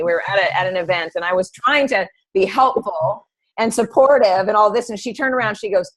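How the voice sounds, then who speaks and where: A middle-aged woman training health coaches in a casual call, chatty and animated, telling anecdotes. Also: mid-range voice, rough recording.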